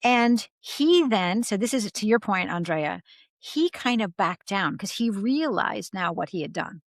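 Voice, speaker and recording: A woman leadership consultant speaking as a guest in a podcast interview, calm and reflective, sometimes acting out quoted reactions. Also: medium pitch, unhurried, dry recording.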